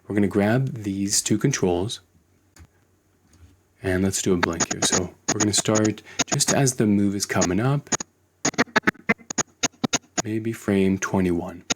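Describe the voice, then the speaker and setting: A man teaching animation in a screen-recorded tutorial, relaxed and thinking aloud as he works. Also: fairly low pitch, background noise. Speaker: animation instructor.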